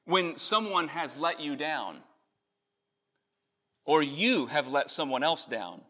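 A man delivers a sermon with a bright, forward voice that sits a little high. He preaches earnestly, pressing harder on key points and then easing off into quieter reflection. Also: animated, slow. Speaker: pastor. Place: church in Connecticut.

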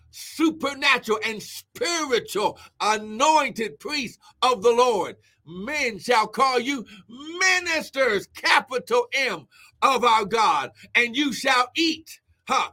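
A man preaching a fervent live-streamed sermon, shouting exclamations of glory and breaking into tongues as he prays. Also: very high-pitched. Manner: speaks in tongues between phrases.

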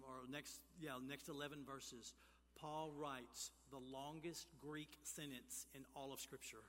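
Pastor, male, high bright voice, animated sermon delivery with loud peaks, long church-hall reverb. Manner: animated preaching, swings from quiet to shouting.

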